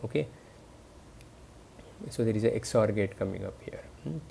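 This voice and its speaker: A man's voice: on the low side, moderate pace, gravelly, warm tone, slight background noise. A man giving a recorded university lecture, talking students through examples hesitantly, with many fillers and restarts. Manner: explanatory, addresses students directly.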